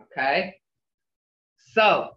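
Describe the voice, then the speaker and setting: Speaking very slowly in an expressive, low-leaning voice, an older woman guides a language class over a video call. She's patient and checks in with a frequent "okay?". The recording is distant, muffled, and full of echo.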